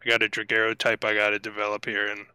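Dry, terse man with flat voice. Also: fairly low pitch, fast talker, clear, resonant tone, no echo. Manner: dry, terse, laid-back. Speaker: player. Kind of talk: playing a detective in a tabletop game.

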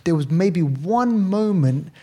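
A man's voice: a little high, lively intonation, slow, mellow. A man from England co-hosting a film podcast, talking in a rambling way with many fillers and restarts. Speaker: podcast co-host. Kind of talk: casual film review chat.

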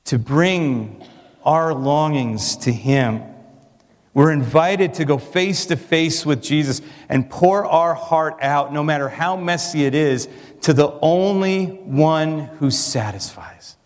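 In a big-sounding room, a medium-pitched man delivers a sermon as a pastor. He speaks earnestly and with emphasis, asking his audience rhetorical questions.

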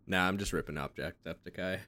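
A man's voice: low-pitched, brisk, sharp tone. A man co-hosting a podcast, making wry jokes in casual chat. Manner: wry, joking. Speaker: podcast co-host.

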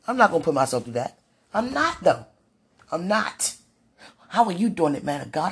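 A woman's voice: lowish voice, very animated, normal speed, husky. A woman vlogging in a casual, rambling monologue, sighing and repeating herself as she pleads aloud to God.

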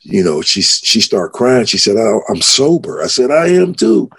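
Husky deep-voiced man telling his testimony. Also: normal speed. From United States. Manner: grows excited, pitch rising as he retells shouting. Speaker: pastor. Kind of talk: telling his conversion story in a podcast interview.

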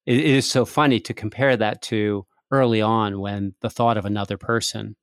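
A man's voice: fairly low pitch, fairly even intonation, moderate pace, smooth, no echo, clean studio sound. A man hosting a casual podcast, telling a wry, self-mocking story. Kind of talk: casual chat.

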